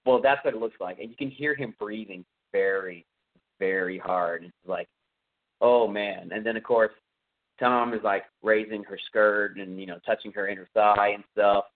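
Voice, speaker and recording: A man's voice: lowish voice, steady tone, normal speed. Rambling man podcaster on a tinny line. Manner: rambling, enthusiastic, many fillers. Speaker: podcast host. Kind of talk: casual chat retelling a film scene. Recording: tinny phone-like sound.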